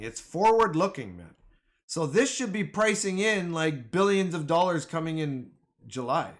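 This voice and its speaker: A man commenting on the stock market in a casual live stream, bantering with his viewers in slang. His delivery is unhurried, yet his voice swings widely between lows and highs. It sits somewhat high for a man. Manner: excitable, talks back to the chat with slang.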